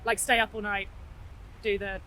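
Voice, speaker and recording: A woman's voice: little pitch movement, normal speed, sharp tone, rough recording. A woman in a casual street interview, tentatively guessing aloud. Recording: outdoor traffic rumble.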